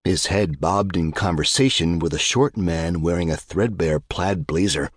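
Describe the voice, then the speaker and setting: A man reads a first-person audiobook in a wry, measured way. His voice sits very low and carries a husky edge. The recording is close and dry, with no room sound. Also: no echo. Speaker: audiobook narrator. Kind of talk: scripted first-person narration.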